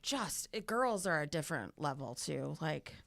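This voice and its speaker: A middle-aged woman with a gravelly, bright edge to her voice, talking bluntly and profanely in a relaxed chat. She laughs easily and tells stories in a loose, unfiltered way. The sound is close and dry, with no room around it. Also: low-pitched, normal speed, no echo. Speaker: podcast co-host. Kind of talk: casual chat.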